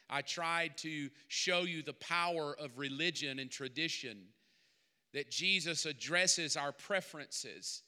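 A man preaches a sermon, easygoing at first and then rising into emphatic, forceful peaks. His voice sits a little high and rings smooth and resonant. Long reverb carries it through a big church hall. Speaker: pastor.

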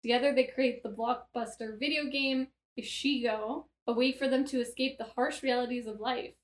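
A woman co-hosting a podcast in casual book chat, chatty and quick to laugh, with rambling asides. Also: a little high, fairly even intonation, echoey room. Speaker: podcast co-host.

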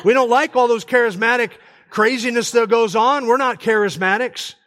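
A man's voice: very high-pitched, steady tone, moderate pace, in a large hall, voice pushed up. A man putting on a blustering Southern preacher. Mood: denouncing. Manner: loud, denouncing.

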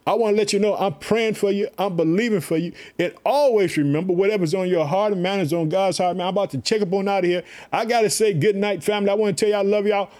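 Man preaching online, high voice, fervent, keeps saying guess what, calls listeners family. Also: steady tone, fast talker, hardly any pauses, darkish tone. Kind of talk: informal online sermon.

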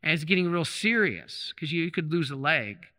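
A Catholic priest tells a story during a sermon, speaking conversationally with restarts and repeated phrases. His voice is a little high, sing-song and sharp, at normal speed. The church recording carries the long reverb of a large hall.

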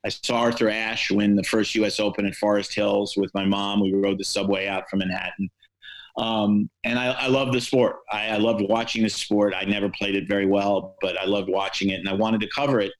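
A man's voice: on the low side, little pitch movement, fairly quick, rough recording. An older American man, a sportswriter, telling wry, self-deprecating stories with many fillers in a podcast interview. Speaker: sportswriter guest.

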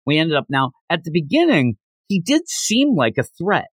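Animated man recapping a comic. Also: fairly high pitch, normal speed, husky, no room sound. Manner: animated, acts out characters' lines in mocking voices. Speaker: podcast co-host. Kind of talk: casual comic book review chat.

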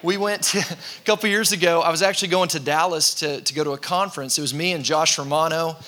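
A man, a pastor preaching a sermon to his congregation and telling funny personal stories in a relaxed, conversational way. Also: a little high, quick pace. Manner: conversational, self-deprecating storytelling with laughs. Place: church in front of a congregation.

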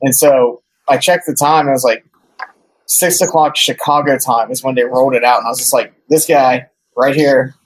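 A man's voice: medium pitch, fairly even intonation, fairly quick, a little hiss or hum, low-quality recording. A man telling travel stories in casual chat, rambling with lots of fillers.

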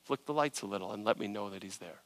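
A man's voice: fairly low pitch, animated, fast. A male pastor preaching a sermon in an earnest, conversational way, often searching for words and restarting.

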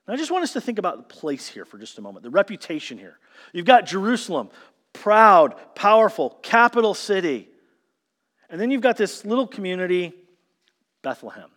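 Emphatic male preacher in a reverberant hall. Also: high voice. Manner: storytelling, emphatic, varies volume from loud to hushed. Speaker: pastor. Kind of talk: sermon.

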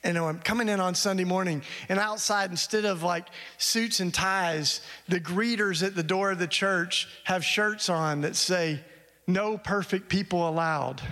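A man with a fairly high voice tells a story to an audience in a large hall. He talks in an earnest, conversational way with frequent asides. His words trail into a long reverb. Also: measured pace, hardly any pauses, pushed and bright. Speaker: speaker at a church event. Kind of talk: storytelling talk.

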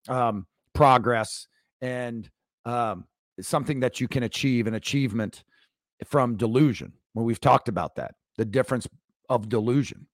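A man's voice: mid-range voice, moderate pace, no echo, clean studio sound. A man hosting a coaching podcast, telling a sports story in a rambling, emphatic way with frequent restarts. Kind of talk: solo podcast monologue.

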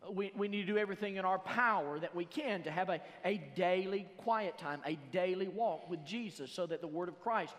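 A man preaches a sermon from the pulpit. His fairly high voice drags slowly through scripture readings and then swells to loud emphasis. The sound rings with a long reverb in a large church. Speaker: pastor. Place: church sanctuary.

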